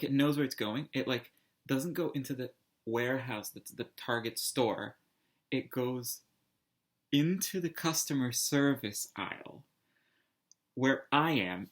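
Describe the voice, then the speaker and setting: Male storyteller, casual and rambling, animated delivery, average pitch. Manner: rambling, animated, heavy use of "like" and restarts. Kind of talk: casual anecdote telling.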